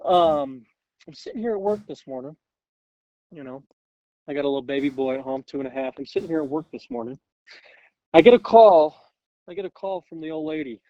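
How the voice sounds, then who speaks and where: Man, from Utah, caller, laid-back and chatty, slightly high voice, dull dry recording. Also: expressive, brisk, pauses often, warm tone, no room sound. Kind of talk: recorded voice message.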